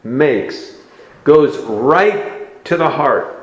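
A man preaching a sermon in a slow, deliberate expository style, recorded in a church sanctuary. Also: a little high, animated, echoey room, muffled recording.

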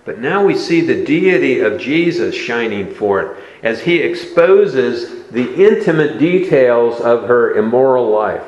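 A man preaching a sermon in a slow, deliberate expository style, recorded in a church sanctuary. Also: mid-range voice, expressive, darkish tone, roomy sound, muffled recording.

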